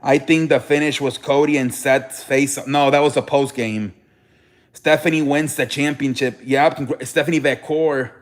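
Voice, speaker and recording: A young man with a medium-pitched voice hosts a casual live stream from an echoey room, speaking at normal speed with fairly even intonation. He rambles and restarts sentences while reacting to chat.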